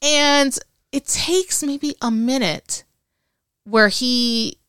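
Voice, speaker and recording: A woman in her forties, an interview guest, telling a story from her past in an animated, chatty way. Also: high voice, drawn-out words, smooth, no echo, studio quality. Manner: animated storyteller who acts out remembered dialogue. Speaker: interview guest, Air Force veteran.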